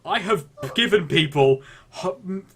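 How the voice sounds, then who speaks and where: A man's voice: sits high, animated, a little slow, breathy edge. A man playing in a tabletop role-playing game, joking wryly and swearing about his character. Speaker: player.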